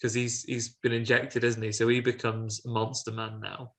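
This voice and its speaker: A man with a gravelly, creaky voice, co-hosting a casual film review podcast. He retells scenes with chatty sarcasm at a middling pitch. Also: flat delivery, moderate pace. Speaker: podcast co-host.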